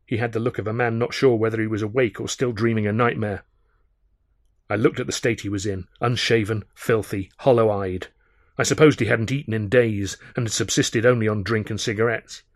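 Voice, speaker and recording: A man narrating his own novel in the first person, his voice low and measured, often dropping to a hush. The sound is close and dry, with no room around it. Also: fairly even intonation, no room sound. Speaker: author and narrator.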